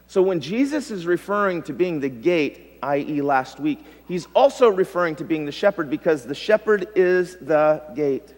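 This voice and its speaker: A male pastor preaching a sermon, swinging from loud emphasis to hushed tones. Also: fairly high pitch, lively intonation, moderate pace, hardly any pauses. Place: church sanctuary. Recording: long reverb of a church hall.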